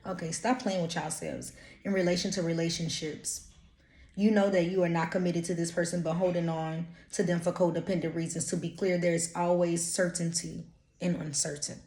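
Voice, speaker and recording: A blunt woman from Louisiana gives a casual channeled energy reading as an intuitive reader, using profane, streetwise slang. Her voice is lowish and mellow, with a steady tone at a moderate pace, and the room has a roomy echo.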